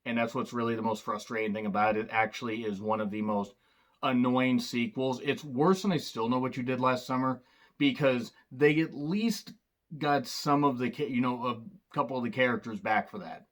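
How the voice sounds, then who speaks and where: A man's voice: mid-range voice, fairly even intonation, normal speed. A man giving a casual, rambling spoken film review, full of sarcastic wisecracks and loose asides. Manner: loose and rambling, with fillers and restarts. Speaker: movie reviewer.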